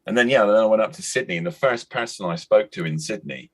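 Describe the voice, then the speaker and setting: A man's voice: lowish voice, animated, fast talker, fairly bright tone. A man from Cornwall with a Cornish accent, chatting as an interview guest and telling stories with lots of energy. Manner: chatty storyteller, puts on voices in anecdotes. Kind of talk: casual video-call chat.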